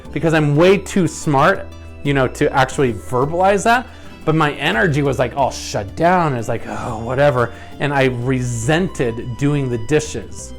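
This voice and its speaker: A young man coaching women viewers on relationships, talking earnestly and acting out his own reactions in lively quoted voices. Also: on the high side. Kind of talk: advice talk to camera.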